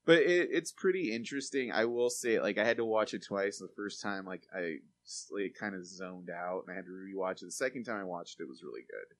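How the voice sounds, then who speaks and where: A man's voice: sits low, brisk, few pauses. A man co-hosting a podcast, chatting loosely about films with lots of fillers. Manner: rambling, filler-heavy, animated when excited. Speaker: podcast co-host reviewing films. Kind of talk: casual chat.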